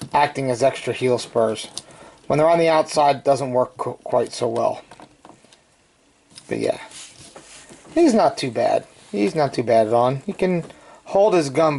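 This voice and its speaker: A man's voice: mid-range voice, vocal fry, a little mellow. Casual male toy reviewer, chatty and joking, mid-range voice.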